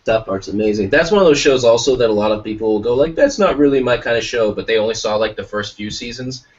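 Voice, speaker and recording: A male podcast host with a medium pitch talks quickly in casual chat, rambling and swearing now and then. The recording is lo-fi, with him distant from the mic.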